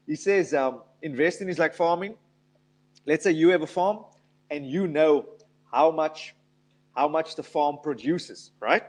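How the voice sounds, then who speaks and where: A man's voice: a little high, unhurried. A man giving a motivational talk on investing, emphatic and telling stories. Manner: emphatic, storytelling with acted quotes. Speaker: investment speaker.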